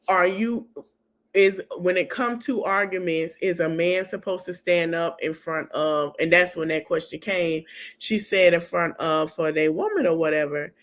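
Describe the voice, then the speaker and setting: A woman hosting a podcast, recapping a reality TV reunion in a sassy, animated gossip style that keeps breaking into laughter. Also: lowish voice. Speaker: podcast host.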